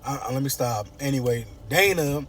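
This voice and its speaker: A man giving an animated, slangy casual recap of a TV series while sitting in his car. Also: medium pitch, normal speed, slight background noise. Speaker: TV series reviewer. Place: inside a parked car at night.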